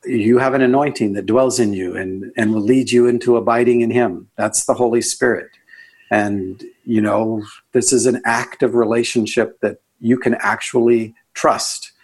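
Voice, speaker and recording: A man being interviewed as a guest author on a podcast, talking in a reflective, earnest way and sometimes leaping up in pitch for emphasis. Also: steady tone, normal speed, darkish tone, slightly rough.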